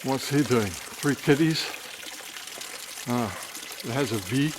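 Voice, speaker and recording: A man excitedly pointing things out as he walks, talking in a rambling, conspiratorial way outdoors. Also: medium pitch, slow, background noise. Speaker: vlogger. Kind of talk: rambling walking commentary.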